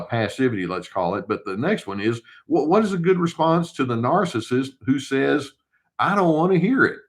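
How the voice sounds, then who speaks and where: An older male therapist giving casual advice, calm and unhurried, who poses rhetorical questions and answers them himself. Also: mid-range voice. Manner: acts out short quoted replies in a mock tone.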